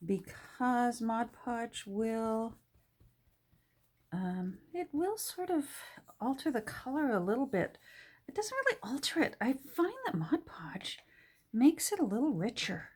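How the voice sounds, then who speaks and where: A woman talking casually through a crafting tutorial at her desk, soft-spoken and hesitant, with many fillers and restarts. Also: fairly high pitch, sing-song, measured pace, husky. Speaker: junk journal crafter. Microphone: camera on the desk.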